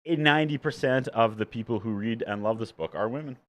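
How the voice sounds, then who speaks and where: A man's voice: mid-range voice, fast talker. A man who is an author and a regular on a podcast, joking dryly and self-deprecatingly in casual chat.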